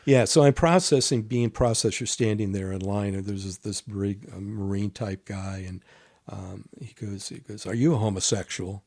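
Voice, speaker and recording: Animated storytelling man with a low voice. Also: normal speed. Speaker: guest. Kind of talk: casual storytelling conversation.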